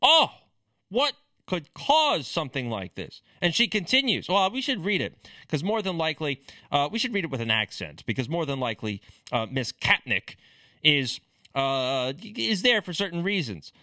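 A man's voice: on the high side, big pitch swings, normal speed, pushed and bright, no room sound. A man ranting in political commentary, sarcastic and scornful.

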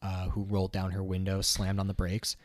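Young male podcast co-host, deep voice, dry close sound, chatty and animated. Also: fairly quick, no echo. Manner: laughing, animated storytelling. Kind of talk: casual chat. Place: home kitchen.

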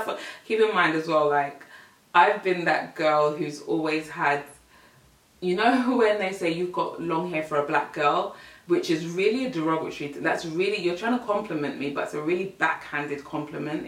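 A young adult woman hosting a podcast, telling personal stories in a casual, animated way and acting out the voices of people in them. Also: low-pitched, distant mic. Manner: animated, laughing, acts out voices in the story. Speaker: podcast host. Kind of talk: casual storytelling. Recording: echoey room, voice set back from the mic.

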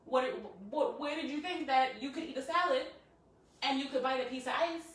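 A woman's voice: high voice, moderate pace. A woman co-hosting a casual podcast chat, telling sassy, profane stories from the gym. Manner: sassy, profane, animated storyteller. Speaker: podcast co-host. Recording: echoey room, distant mic.

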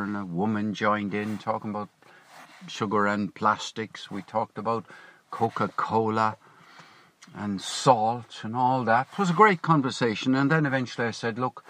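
A man with a somewhat low voice tells a meandering everyday story in a relaxed vlog. He talks to camera from inside a parked car, wandering off into side remarks and correcting his wording as he goes. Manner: chatty, digressive, self-correcting. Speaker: vlogger. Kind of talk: casual rambling storytelling.

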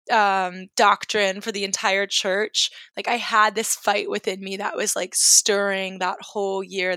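Woman, twenties, from New York, candid storytelling, rambling with fillers, bright tense voice, dry sound. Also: mid-range voice, no echo. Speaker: guest. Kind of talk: personal storytelling.

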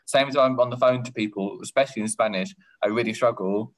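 A young man, co-hosting a casual chat podcast in a teasing, playful way and jumping into high voices for quotes. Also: fast. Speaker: podcast co-host.

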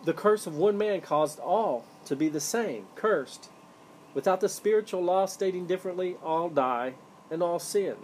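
A man with a fairly high but warm, mellow voice teaches scripture on his own podcast, earnest and emphatic as he leans on key words. A faint hiss sits under the recording. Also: animated, normal speed. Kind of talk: solo Bible-teaching podcast.

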